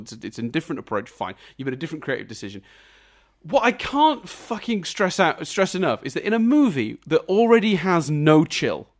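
Animated, ranting man reviewing a film. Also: a little high. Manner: animated, swearing ranter; laughs often mid-sentence. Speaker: podcast co-host. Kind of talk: casual film review chat.

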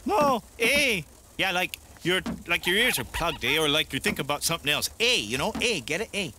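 An actor voicing a friendly, chatty Canadian camper with a Canadian accent and a folksy drawl, tacking "eh" onto everything. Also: male voice, a little high, sing-song, brisk, noisy background. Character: jolly Canadian camper man, chatty backwoods brother.

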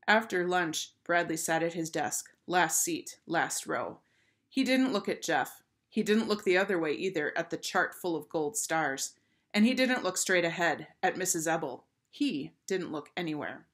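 A woman reading a children's chapter book aloud with clear, steady narration. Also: deep voice. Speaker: storybook reader.

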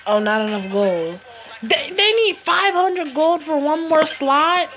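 Slow, playful woman trash-talking through a game. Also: high-pitched, animated, a bit bright, soft background music. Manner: playful trash-talk, laughs at opponents. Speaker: mobile game player. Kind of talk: casual gameplay commentary. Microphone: phone screen recorder.

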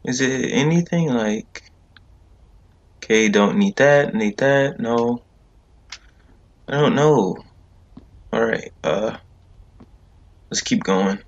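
A man talks through a horror game at an unhurried, drawn-out pace, with a pitch sitting in the middle of the male range. He sounds jittery and loops the same short phrases again and again. It is loose, casual let's-play commentary. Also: lo-fi sound. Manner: jittery, repeats himself over and over. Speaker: gaming video creator.

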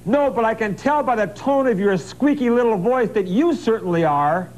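A man's voice: sits high, expressive, moderate pace, a little mellow, rough recording. A middle-aged man hosting a 1980s call-in TV show who insults his callers and cuts them off. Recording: faint hum, 1980s TV broadcast.

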